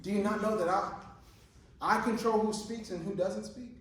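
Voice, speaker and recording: A preacher playing a laid-back, slangy God. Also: male voice, high voice, steady tone, normal speed, voice pushed up, lightly acted. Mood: incredulous. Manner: slangy, exasperated questioning. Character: laid-back male God, casually scolding. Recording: echoey room from far off.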